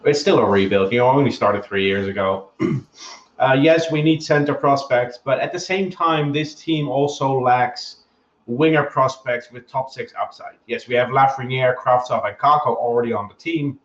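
A man's voice: medium pitch, normal speed. A man talks through sports analysis, reasoning point by point and repeating himself as he thinks. His voice comes through muffled and lo-fi, with a noticeable room echo. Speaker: podcast co-host. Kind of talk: casual sports podcast analysis.

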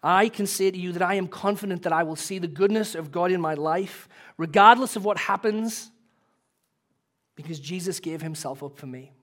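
A man's voice: sits high, moderate pace. Earnest emotional male pastor. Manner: earnest, emotional, swells louder then drops soft. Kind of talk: sermon and closing prayer.

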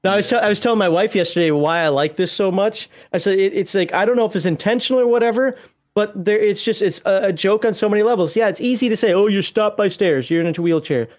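High-voiced, animated male stream host. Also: fast. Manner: animated, laughs often, many restarts. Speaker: host of a gaming livestream. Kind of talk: casual chat.

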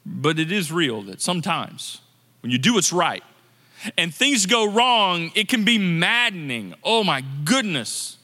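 A man's voice: sits high, big pitch swings, unhurried, pushed and bright. A man preaching a sermon as pastor, talking to the congregation in a conversational way and repeating words for emphasis. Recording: long reverb of a large hall.

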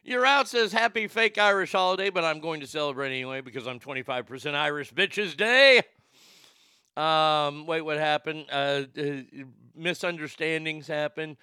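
A man with a bright, forceful voice hosts a live stream, chatting casually and reading viewers' messages aloud. His tone is smooth and crisp, and it jumps into loud, animated bursts. The sound is dry and close to the mic. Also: on the high side, brisk, no echo. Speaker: livestream host reading chat. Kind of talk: casual chat.

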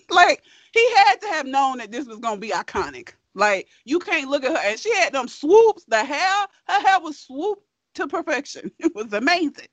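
A woman's voice: high voice, big pitch swings, moderate pace, a bit bright, no room sound. A woman in a casual chat who gushes with admiration, laughs often and swears now and then.

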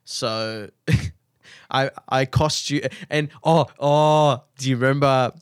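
A man's voice: medium pitch, slow pace, clear, resonant tone, dry recording, clean studio sound. Rambling, swearing young guy. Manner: rambling, profane, laughs a lot, repeats himself. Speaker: podcast co-host. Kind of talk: casual storytelling chat.

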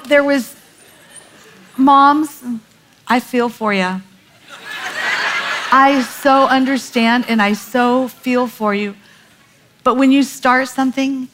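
A middle-aged woman telling a parenting story in casual chat, animated and laughing often as she acts out quotes. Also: fairly high pitch, slow, pauses often, a little hiss or hum, poor audio.

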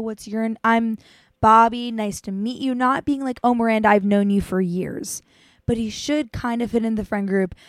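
A woman's voice: fairly high pitch, a little mellow, no echo, clean studio sound. Chatty young woman giving playful dating tips. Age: young adult. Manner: chatty, playful, acts out voices of boys and friends. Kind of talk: casual chat.

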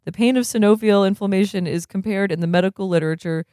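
A reader voicing a brisk, cheerful male hospital doctor in a clipped way, without putting on an accent. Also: mid-range voice, darkish tone, no echo, studio quality, natural voice.

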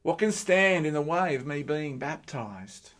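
Animated preacher, man. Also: a little high, unhurried. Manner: animated, joking asides to the congregation. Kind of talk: sermon.

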